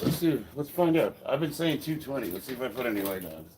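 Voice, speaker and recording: A man over fifty, a powerlifter, chatting casually on a live stream and reading viewer comments aloud in a relaxed way. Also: medium pitch, quick pace, noisy background. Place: home gym, indoors.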